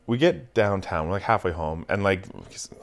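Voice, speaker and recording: Podcast host, male, low register; foul-mouthed, animated anecdote teller. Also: moderate pace. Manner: profane, animated storyteller. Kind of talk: casual storytelling chat.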